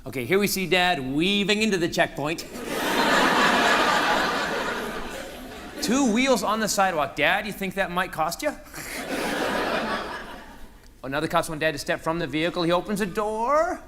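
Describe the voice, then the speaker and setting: A man performing a stand-up routine, telling wry family stories with quick punchlines on a live stage. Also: high voice, expressive. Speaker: stand-up comedian. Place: live comedy stage before an audience. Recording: loud noise over live stage audio.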